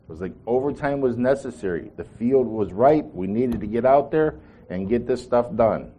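Animated man preaching a sermon. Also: medium pitch, normal speed, slight background noise. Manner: animated storytelling, voicing quotes, rhetorical questions to the congregation.

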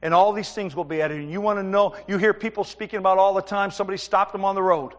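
Male pastor, high voice, fervent sermon delivery, long hall reverb. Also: fairly even intonation, quick pace. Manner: fervent, rising to loud preaching.

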